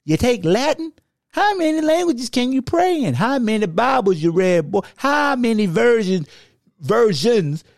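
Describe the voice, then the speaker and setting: A cheeky, petty alter ego, put on by a man in a raised, squeaky register, needling his other half with rapid-fire taunting questions. It is mischievous podcast banter with a dry, close sound. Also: very animated, creaky, dry recording, heavily acted. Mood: teasing.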